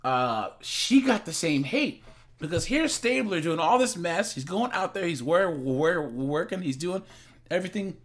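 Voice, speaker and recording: A man's voice: a little high, expressive, a little slow, a bit bright. A man hosting a reaction channel, chatting casually and rambling, repeating words and laughing often.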